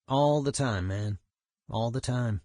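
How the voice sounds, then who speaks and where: A man's voice: medium pitch, slow, darkish tone, no echo, clean studio sound, close to an everyday voice. A man voicing a streetwise male punk musician, telling a story in a profane, emphatic way. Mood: animated.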